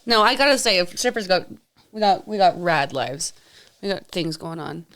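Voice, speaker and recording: A woman's voice: fairly low pitch, expressive, normal speed, fairly bright tone. A woman hosting a podcast in casual chat, speaking frankly and swearing freely. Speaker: podcast host.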